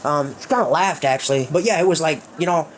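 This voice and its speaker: A man's voice: fairly high pitch, quick pace, slight background noise. A man telling a crude, rambling story in casual livestream chat, full of fillers.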